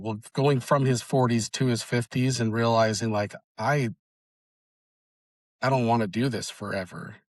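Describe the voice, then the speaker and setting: A young man being interviewed about his family's auto repair shop, telling the story in a halting way with many restarts. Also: mid-range voice, no room sound. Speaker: guest, auto shop owner's son.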